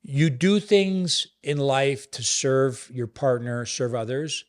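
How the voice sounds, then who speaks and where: A middle-aged man with a medium-pitched voice speaks slowly on a relationships podcast. His tone is earnest and coaching, and at times he acts out both sides of a conversation.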